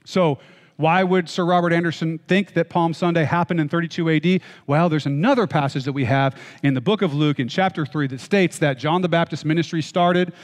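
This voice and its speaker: A man's voice: fairly high pitch, fairly quick, big-room sound. A man preaching a sermon as pastor, reading scripture and then explaining it in a conversational way, with joking asides and frequent check-ins with listeners. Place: church hall.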